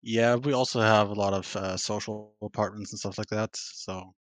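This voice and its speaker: Guest guy from germany, monotone, hesitant, dead dry mic. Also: lowish voice, normal speed, no room sound. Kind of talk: casual chat.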